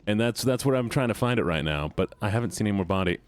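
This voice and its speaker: A man streaming a game and chatting casually with viewers, animated and self-mocking, thinking aloud as he plays. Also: on the low side, fast, dry recording. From United States. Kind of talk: casual gameplay chat with viewers.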